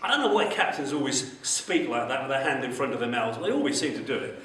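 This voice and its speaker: A man telling a Bible story to schoolchildren in an animated way, often asking them questions. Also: medium pitch, fast talker. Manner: animated, asks the children questions. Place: school hall. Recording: echoey hall from far off, faint noise.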